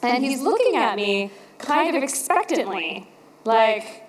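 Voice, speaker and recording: A woman giving a conference talk, telling a story in a lively way with bits of acted dialogue. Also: a little high, measured pace, slight background noise. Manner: lively storyteller, acts out quoted voices. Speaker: conference speaker. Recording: long hall reverb.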